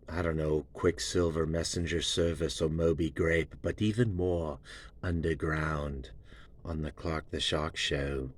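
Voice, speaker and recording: A man hosting his own show, rambling in a grandiose, mock-sinister monologue before reviewing an album. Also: rumbling low.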